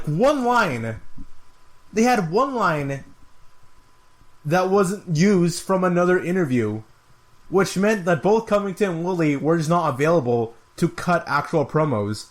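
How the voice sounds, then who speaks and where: A man hosting a casual fight review podcast, recapping in an exasperated, sarcastic way and laughing at the awkward moments. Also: fairly high pitch. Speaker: podcast host.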